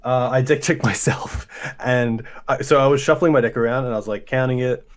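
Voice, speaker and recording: Relaxed guy, mid-pitched, easygoing card-game banter, short replies. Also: fairly quick. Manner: laid-back, brief responses, chuckles often. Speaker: card game player and co-host. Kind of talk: casual gameplay chat.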